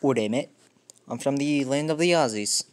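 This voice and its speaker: A man's voice: medium pitch, animated, fast, a little mellow, close to an everyday voice. A man doing a put-on Australian voice as a brash, boastful bloke. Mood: cheeky.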